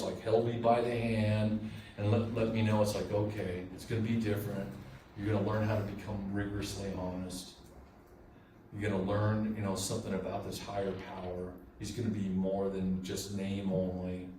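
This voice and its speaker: A man's voice: medium pitch, warm tone. Candid man telling his recovery story at a meeting, off-mic in an echoey room. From southern California. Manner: candid and conversational, many fillers and restarts. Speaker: AA meeting speaker. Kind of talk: personal recovery share. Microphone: room recording from a distance. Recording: echoey room, distant mic, faint noise.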